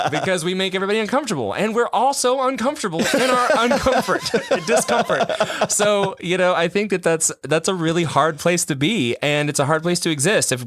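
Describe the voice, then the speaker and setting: A man's voice: on the high side, a bit bright, dry recording, clean studio sound. A man chatting on a podcast in a rambling, self-mocking way, often breaking into laughs. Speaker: podcast co-host. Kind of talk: casual podcast chat.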